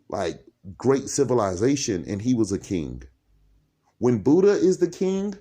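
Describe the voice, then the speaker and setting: Animated rambling man, very lively pitch. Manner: animated, laughing, jumps between topics. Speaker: vlogger. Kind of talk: rambling stream-of-consciousness monologue. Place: dark room indoors by candlelight.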